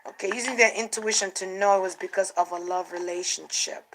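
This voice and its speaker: A woman doing a casual spiritual card reading for her channel, talking in an animated way, repeating phrases and acting out what others might say. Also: medium pitch, fairly quick, background noise. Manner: animated, repeats herself, acts out quotes. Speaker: tarot card reader.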